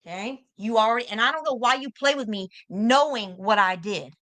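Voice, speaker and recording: A woman's voice: fairly high pitch, brisk, fairly bright tone. A young American woman arguing heatedly on a livestream, confrontational and profane, hammering her points by repeating them. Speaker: livestream guest.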